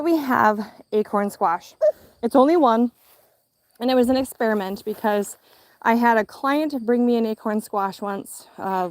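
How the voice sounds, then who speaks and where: A woman's voice: on the high side, darkish tone, dry recording. A woman giving a casual live-stream tour of her garden outdoors, chatty and upbeat, a little out of breath in the heat. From Minnesota. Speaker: gardening vlogger.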